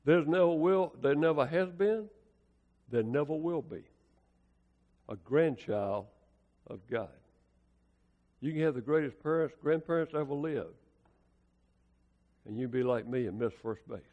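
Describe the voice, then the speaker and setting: A man's voice: fairly high pitch, animated, unhurried, pauses often, phone-quality sound. An American man preaching a sermon, telling stories in a folksy, colloquial, dramatic way. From United States. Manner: folksy, colloquial, dramatic storytelling with swings in loudness. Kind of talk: storytelling sermon. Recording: long hall reverb.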